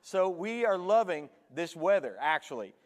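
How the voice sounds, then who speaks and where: A man's voice: sits high, big pitch swings, moderate pace, in a large hall. A man from Canada in his forties preaching a sermon in a church, chatty and joking with the congregation. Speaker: pastor. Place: church sanctuary.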